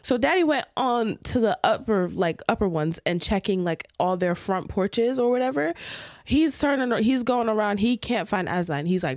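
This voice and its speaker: A young woman co-hosting a podcast, telling a story in a casual, animated way and acting out the scenes. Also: medium pitch, moderate pace, no echo, studio quality. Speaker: podcast co-host.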